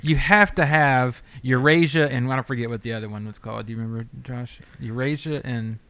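A man's voice: mid-range voice, bright, forceful tone. A man co-hosting a podcast who chimes in with teasing, stammering remarks in casual chat. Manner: quick, teasing, stammering interjections. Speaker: podcast co-host.

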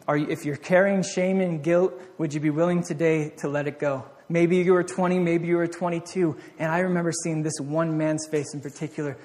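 A man preaching a sermon, earnest, swinging from loud exhortation to hushed reflection, often repeating and restarting his phrases. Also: a little high, steady tone, a little fast, hardly any pauses, in a large hall.

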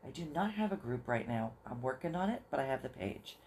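Podcast host, solo, earnest and warm-hearted encouragement, mid-pitched voice, faint background hiss. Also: animated. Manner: earnest and encouraging, spells things out slowly. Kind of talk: solo podcast talk to listeners.

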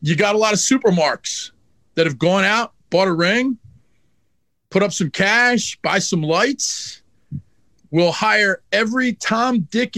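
A man's voice: high-pitched, a bit bright, dry recording. A man telling a blunt, profane story in an interview about his time as a wrestling manager.

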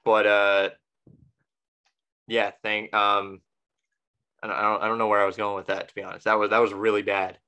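A man's voice: lowish voice, level tone, moderate pace, pauses often, bright, forceful tone, clear, resonant tone. A young man hosting a podcast, chatting casually and telling a rambling story full of restarts and self-corrections. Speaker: podcast host.

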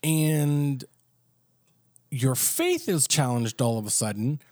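Guy cohosting a faith podcast, mid pitch, loose chatty way of talking, dry sound. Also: animated, slow pace, darkish tone, dry recording. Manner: conversational, thinks aloud with restarts and "you know". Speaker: podcast co-host. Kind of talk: casual faith podcast chat.

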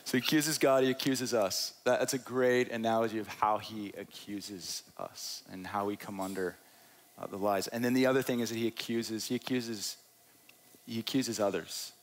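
A man's voice: lowish voice, steady tone, normal speed. A man pastor delivering a sermon from a church stage, earnest and repeating key phrases for emphasis.

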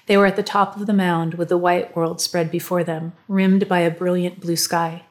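A woman narrating an audiobook in a calm, measured way. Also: on the low side.

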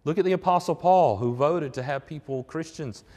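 A man's voice: a little high, normal speed, warm tone, long reverb tail. A man preaching a sermon in an earnest, conversational way, rising into emphatic swells on key points. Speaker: pastor.

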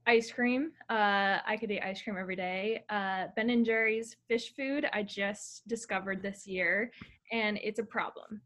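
A woman's voice: mid-range voice, measured pace, a bit bright. Young woman, casual podcast guest, chatty, laughs a lot. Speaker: guest runner.

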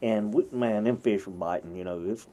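An older man, telling fishing stories as a guest in a folksy, drawn-out way. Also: lowish voice, mellow. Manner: folksy, drawn-out storytelling with old-timer phrasing. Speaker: podcast guest. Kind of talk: casual storytelling chat.

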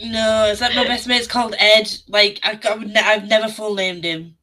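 UK woman co-host, bright, chatty, lively, casual podcast banter. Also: medium pitch, normal speed, low-quality recording. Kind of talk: casual chat.

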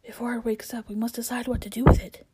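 A woman voicing a kind old male talking badger with a husky, earthy voice, reading a storybook aloud. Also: a little high, little pitch movement, fast talker, very noisy, natural voice. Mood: calm.

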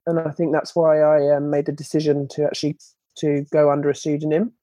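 A woman's voice: deep voice, level tone, a little fast, mellow, dry recording. A young woman, telling her story as a podcast guest, chatty with lots of filler words. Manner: chatty, many "like" and "you know" fillers. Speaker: guest, children's book author. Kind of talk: candid podcast interview.

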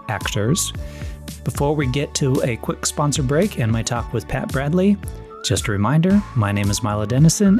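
A male actor hosting an interview podcast, asking questions in a chatty, animated way. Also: medium pitch.

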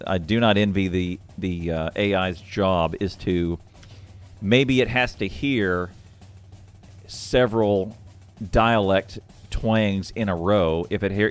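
Low-voiced man thinking aloud. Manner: thinking aloud, rambling with restarts. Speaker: guest host. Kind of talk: casual podcast chat.

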